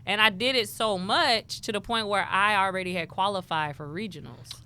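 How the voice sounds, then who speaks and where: A woman's voice: medium pitch, moderate pace, smooth. A woman from Houston, a guest telling stories casually in an interview and acting out the voices of people she quotes. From Houston, Texas. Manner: animated, acts out quoted voices. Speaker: guest, rapper and poet.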